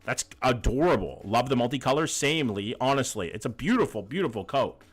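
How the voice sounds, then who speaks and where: His medium-pitched voice is animated and brisk, with a breathy edge, as he chats loosely with his livestream audience about their pet photos. Expect lots of jokes and heavy swearing, with music faintly audible behind him.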